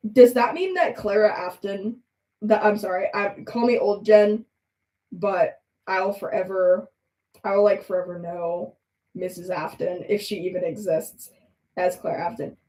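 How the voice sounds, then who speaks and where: A young woman chats casually while drawing on a live stream, rambling and giggling. Her medium-pitched, darkish voice sounds distant and off-mic in an echoey room.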